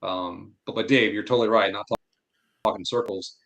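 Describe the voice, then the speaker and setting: A man from Florida, a podcast guest, telling fishing stories in a blunt, animated, opinionated way. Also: on the low side, fairly quick, creaky. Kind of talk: casual fishing chat.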